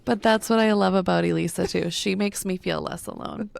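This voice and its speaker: A woman's voice: medium pitch, fairly even intonation, brisk, vocal fry, no room sound. A woman co-hosting a podcast who speaks openly and confidingly, sometimes swearing. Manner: open and confiding, swears now and then. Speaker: podcast co-host. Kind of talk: casual conversation.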